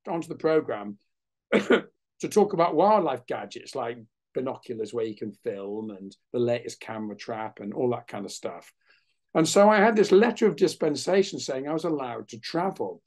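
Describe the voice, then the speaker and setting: A man, a naturalist guest on a webinar, telling a lively anecdote over a video call and acting out other people's voices. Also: a little high, moderate pace. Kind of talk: anecdotal storytelling in a webinar interview.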